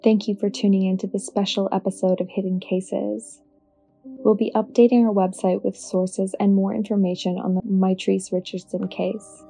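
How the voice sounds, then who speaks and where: Flat, dark-voiced woman hosting a podcast. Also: medium pitch, creaky. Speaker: podcast host. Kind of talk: scripted podcast outro.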